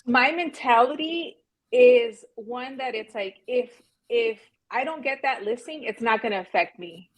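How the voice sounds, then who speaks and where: A woman's voice: a little high, lively intonation, poor audio. A young adult woman, a real estate agent, talking candidly and earnestly as a podcast guest. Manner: earnest, candid, talks fast. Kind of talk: podcast interview.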